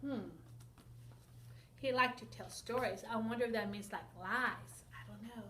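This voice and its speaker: Slow, expressive woman reading to kids. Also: a little high. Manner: expressive, asks listeners questions, sound effects. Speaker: teacher reading a picture book to children. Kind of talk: children's read-aloud lesson. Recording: echoey room with faint noise.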